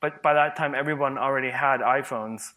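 Bright-voiced man giving a playful talk. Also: medium pitch, fairly even intonation, brisk. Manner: playful, sarcastic, often breaking into laughter. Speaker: conference speaker, psychologist. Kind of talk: humorous conference talk.

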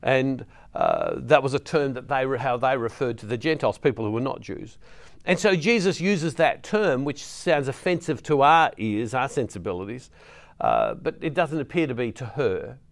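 A middle-aged man leading a Catholic ministry, giving an earnest devotional talk that pauses to explain scripture verses. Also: medium pitch, huge pitch swings, gravelly.

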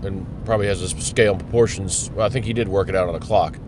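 A man with a low voice rambles through a blunt, profane monologue, talking as he drives. His car is on the road, and its rumble comes through clearly under his voice. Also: racing. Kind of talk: ranting monologue while driving. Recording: car road noise behind.

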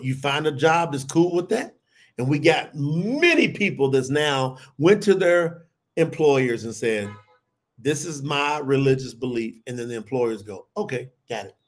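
A middle-aged man preaching a sermon, talking animatedly and calling out to his listeners as y'all. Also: on the high side. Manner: animated, addresses the audience as y'all.

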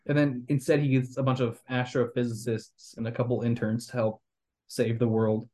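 A man's voice: medium pitch, flat delivery, moderate pace, mellow. Young man, podcast host, casual movie critique, rambling, critical, lots of fillers. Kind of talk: casual movie review chat.

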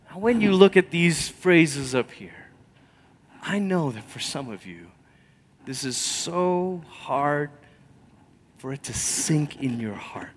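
A man preaching a sermon, telling stories conversationally and swinging from loud emphasis to near whispers. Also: fairly high pitch, expressive, slow pace, a little hiss or hum. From Malaysia. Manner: storytelling, conversational. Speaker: pastor.

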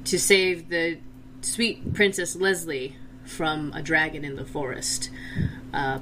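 Woman doing a polite, halting young adventurer. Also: deep voice, bright, forceful tone, slight background noise, rough recording. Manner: halting, full of pauses and fillers; courteous and formal. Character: polite, hesitant young male adventurer seeking help. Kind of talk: tabletop game character voice.

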